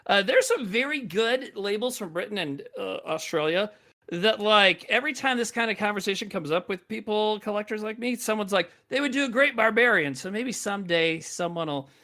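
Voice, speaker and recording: A man's voice: sits high, moderate pace, pushed and bright. A man hosting a podcast, talking casually about movies in a rambling way, with lots of fillers and restarts. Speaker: podcast host.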